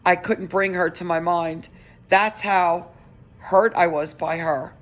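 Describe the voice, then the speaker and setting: A middle-aged woman giving a personal update on her vlog, talking in an earnest, halting way with many restarts. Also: on the low side, fairly even intonation. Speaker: vlogger.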